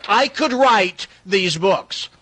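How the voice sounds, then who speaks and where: A middle-aged man hosting comic talk radio, his voice a little husky and breathy. He reads aloud in a mocking, theatrical way and breaks off for sarcastic asides. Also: sits high, expressive, takes it slowly, bright, forceful tone. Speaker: radio talk show host.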